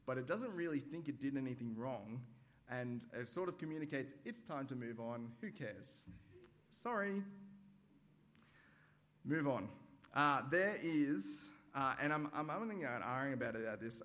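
A man preaching a sermon at a church service, measured and hesitant with frequent ums, acting out everyday examples. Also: medium pitch, a bit bright. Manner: demonstrative, acts out examples.

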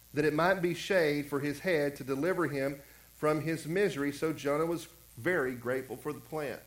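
A man's voice: medium pitch, reverberant, poor audio. A man pastor preaching a conversational sermon, acting out quotes and repeating phrases. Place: church.

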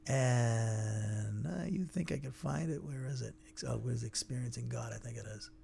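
A man leads a casual Bible lesson in a conversational, digressive way. His voice sits at an ordinary pitch with a noticeable gravelly fry. He thinks aloud as he teaches. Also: normal speed, warm tone, a little hiss or hum.

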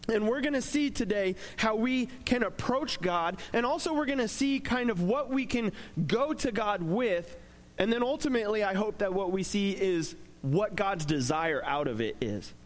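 A man's voice: high voice, lively intonation, normal speed. A young man giving a casual, joking sermon as a pastor, talking conversationally with plenty of fillers.

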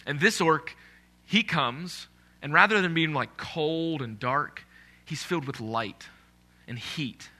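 A man's voice: on the high side, takes it slowly, sharp tone. A man preaching a sermon in a conversational way, asking his congregation questions.

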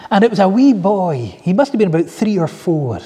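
A man's voice: high voice, very animated, brisk, breathy edge. Earnest man preaching in a hall. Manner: earnest storytelling with soft asides. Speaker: pastor. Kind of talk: sermon.

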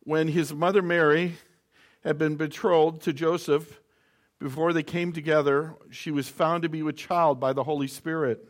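A man's voice: on the high side, steady tone, moderate pace. A middle-aged man preaching a sermon, reading scripture aloud and explaining it in a conversational way with stories from home. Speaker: pastor.

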